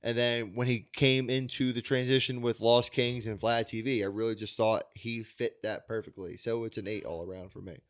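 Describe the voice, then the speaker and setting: A man's voice: mid-range voice, steady tone, normal speed, hardly any pauses, a bit bright. A man co-hosting a podcast, reviewing an album in casual chat, rambling enthusiastically with lots of fillers. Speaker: podcast co-host.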